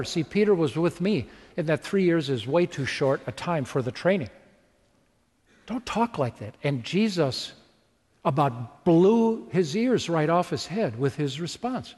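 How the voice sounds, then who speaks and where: A male preacher vividly retells a story in his sermon, filling it with rhetorical questions. His voice sits fairly high for a man, darkish and a bit breathy, with lively intonation and a slightly slow pace. Long reverb from a large hall trails each phrase.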